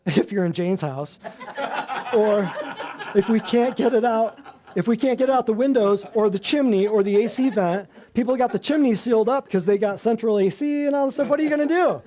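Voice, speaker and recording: A high-voiced man, a natural health practitioner, runs a lively class for a few people gathered in an office. He's animated, asking them questions and joking and laughing as he teaches.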